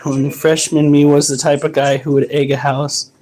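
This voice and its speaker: A man's voice: fairly high pitch, little pitch movement, normal speed, a little mellow, poor audio. A man chatting casually in a home vlog, sarcastic and grumbling, joking with his wife. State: panting after push-ups. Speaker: vlogger.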